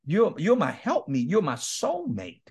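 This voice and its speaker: A middle-aged men's ministry leader, appearing as a guest on a podcast, tells candid stories, laughing often and acting out quoted dialogue. His voice is fairly high and swoops wildly in pitch, with an unhurried pace, a slightly mellow tone, and a breathy edge.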